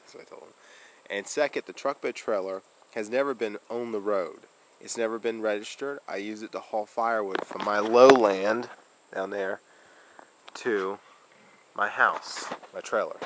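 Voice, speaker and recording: A man's voice: lowish voice, fairly even intonation, normal speed, a bit bright, a little hiss or hum, low-quality recording. A man vlogging casually, rambling through a story with fillers, restarts and laughs.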